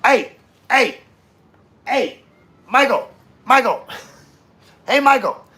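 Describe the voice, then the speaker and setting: A man putting on a high, loud voice to play an exasperated man scolding a friend in mock outrage. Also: sing-song, slow pace, heavily acted.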